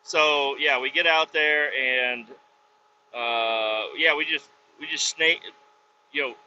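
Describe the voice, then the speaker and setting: Bright-voiced man telling a story in his truck. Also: on the high side, slow. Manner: profane, animated, acts out voices in retelling. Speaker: vlogger and truck driver. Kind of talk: casual storytelling. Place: inside a pickup truck with windows down. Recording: slightly dull lo-fi audio, faint road noise.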